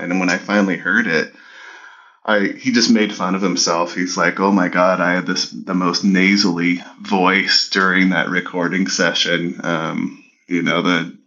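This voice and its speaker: Male co-host, casual rambling talk, lower voice, muffled lo-fi recording. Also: pushed and bright. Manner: rambling, many restarts and fillers. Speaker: podcast co-host. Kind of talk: casual chat about an album. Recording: dull lo-fi audio.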